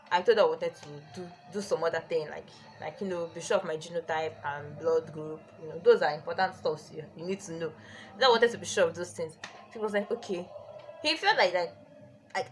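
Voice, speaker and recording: A young woman telling a storytime on her vlog, chatty and animated with many "like"s. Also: on the low side, slight background noise. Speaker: vlogger.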